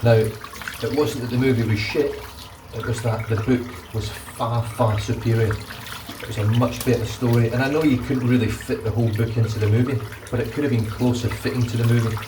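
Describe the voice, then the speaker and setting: With a medium pitch and fairly even intonation, a man talks at normal speed with few pauses while shaving in a bathroom, vlogging in a rambling, casual way with the odd swear word. The distant mic picks up echo, running tap water and background noise.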